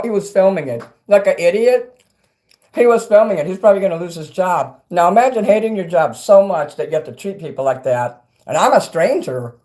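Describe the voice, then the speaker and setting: A middle-aged man livestreaming and reading chat, ranting angrily and profanely, swinging between loud outbursts and quiet asides. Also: fairly high pitch. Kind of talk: angry livestream rant.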